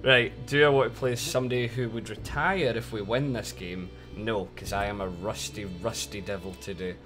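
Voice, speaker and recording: A man's voice: on the low side, fairly even intonation, moderate pace, music in the background. A young man chatting casually on a live game stream, laughing often and swearing freely.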